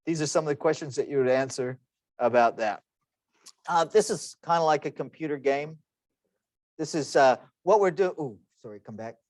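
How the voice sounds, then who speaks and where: A man's voice: a little high, moderate pace, a little mellow, no room sound. Joking male lecturer with a dry close sound. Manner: chatty, joking, self-deprecating asides. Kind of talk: online class lecture. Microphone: computer microphone.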